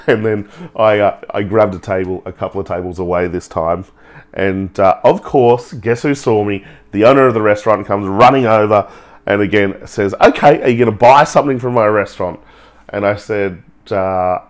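A man, telling a personal story in a lively way and acting out the people in it. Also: on the low side. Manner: animated, acts out the people in his story with laughs. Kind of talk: storytelling talk.

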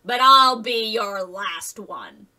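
A huge, menacing male wolf from a storybook, bellowing in a deep, mean voice, as a woman puts him on. The sound is bright and forceful. It is heard from a little way off the mic. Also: takes it slowly, distant mic.

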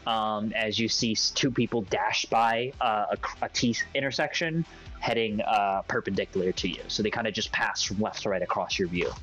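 A man's voice: fairly low pitch, fairly even intonation, normal speed, a bit bright. A young man narrating a tabletop game as game master, rambling and full of fillers. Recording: dull lo-fi voice chat with faint music.

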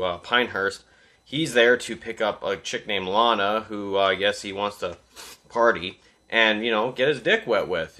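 Male reviewer with a bright, sharp voice and a loose, swear-filled, animated recap style. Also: medium pitch. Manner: animated, swearing constantly, laughing asides. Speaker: movie reviewer. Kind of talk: casual profane film recap.

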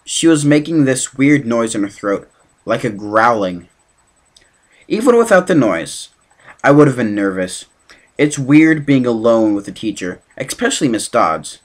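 A man reading a novel aloud as an amateur, halting now and then with slips and restarts. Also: mid-range voice, very animated. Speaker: reader.

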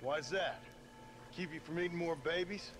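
An actor playing a blunt, stubborn frontier gunman who talks in a flat, accusing way. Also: on the high side, normal speed, a little hiss or hum, lightly acted.

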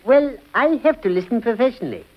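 An actress playing a pedantic, long-winded sociologist professor in a 1940s radio comedy. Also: female voice, on the high side, sing-song, a little fast. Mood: lecturing. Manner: pedantic, lecturing. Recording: dull 1940s radio broadcast.

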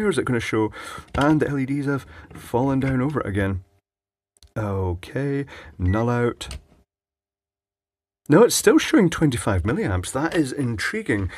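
A man's voice: medium pitch, slight background noise. A man chatting dryly as he repairs electronics at his workbench, thinking aloud as he works. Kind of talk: casual workbench commentary.

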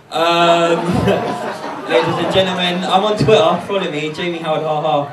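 A man's voice: a little high, fairly even intonation, far from the mic, very noisy. Cheeky young man doing stand-up. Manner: cheeky, brash, rapid asides. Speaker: stand-up comedian. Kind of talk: live stand-up set. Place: comedy club stage in front of a crowd. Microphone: handheld stage microphone. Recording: echoey club, mic heard from afar, loud crowd. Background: loud audience laughter.

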